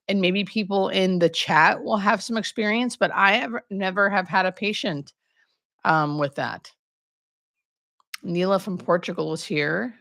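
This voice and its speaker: A woman's voice: lowish voice, creaky, a bit bright. A woman in her thirties hosting a casual live Q&A as a hospice nurse, greeting viewers by name with chatty, self-deprecating asides. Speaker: hospice nurse and livestream host.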